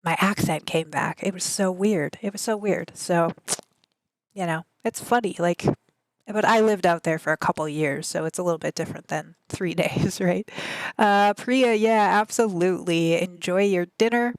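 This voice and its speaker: A woman in her thirties, Midwestern American accent, rambles happily to her live stream viewers from her home gaming desk and reads their chat out loud. She speaks at a moderate pace in a fairly low pitch, with no room sound.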